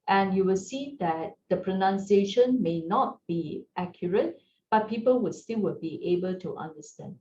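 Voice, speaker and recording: A woman teaching a beginners' Mandarin lesson, gentle and encouraging, often checking in with her learners. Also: medium pitch, normal speed. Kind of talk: slow, patient language lesson. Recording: roomy, distant, dull sound with faint hiss.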